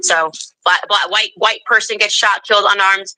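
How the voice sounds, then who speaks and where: A woman political commentator answering interview questions in an emphatic, lively way. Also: mid-range voice, moderate pace, dry recording, rough recording. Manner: emphatic, mimics voices in quotes. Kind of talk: interview answer, played clip.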